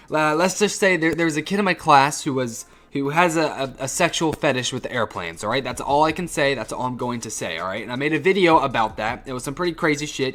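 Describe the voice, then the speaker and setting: A man's voice: mid-range voice, a bit bright. A teenage boy telling a casual, rambling storytime vlog, with lots of swearing and frequent restarts. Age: teens. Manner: rambling, profane, restarts often. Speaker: YouTuber and high school student.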